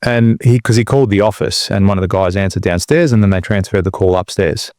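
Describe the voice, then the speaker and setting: Low voiced guy co-hosting a podcast, laid back storytelling, dry close mic. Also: fast talker, dry recording. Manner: relaxed storytelling. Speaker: podcast co-host. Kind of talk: casual podcast chat.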